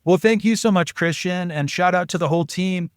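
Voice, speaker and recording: Guy on a podcast telling stories, kinda high voice, animated, dry close sound. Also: fairly quick, smooth, dry recording. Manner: animated, jumps into quoted voices. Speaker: podcast guest. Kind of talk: casual anecdotal storytelling.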